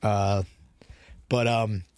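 A man co-hosting a podcast, chatting casually about songs with rambling restarts, swearing often, his voice hoarse and worn out. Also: lowish voice, flat delivery, very slow, a little mellow, no room sound, clean studio sound. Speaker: podcast co-host. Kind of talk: casual chat about music.

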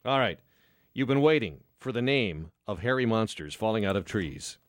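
A man's voice: fairly low pitch, animated, moderate pace, no room sound, clean studio sound. A man hosting a casual chat show, wry and a bit hesitant. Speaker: host.

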